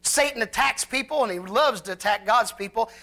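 A pastor delivers a sermon with a bright, sharp edge to the voice. Scripture is read slowly and drawn out, and the key phrases swell louder and higher with fervor. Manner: slow, drawn-out scripture reading.

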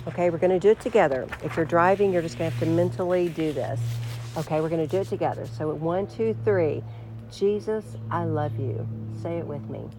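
A woman leading an informal devotional talk and guided prayer, speaking conversationally and reflectively, sometimes dropping to hushed tones. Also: lowish voice.

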